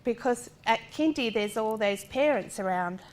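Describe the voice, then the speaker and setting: A fairly high-voiced middle-aged woman speaks to a class as the parent of a disabled child. She is blunt and lively, asks pointed rhetorical questions and slips into the voices of the people she describes. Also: moderate pace, a little hiss or hum. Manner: direct and forthright, with rhetorical questions; animated, acting out other people's lines. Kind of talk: lecture talk drawn from personal experience.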